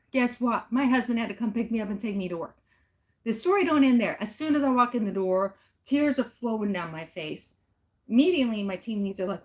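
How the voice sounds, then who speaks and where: A middle-aged woman, a fitness vlogger, telling a personal story in casual chat and speaking straight to her viewers with emphasis. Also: a little high. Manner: emphatic, addresses viewers directly.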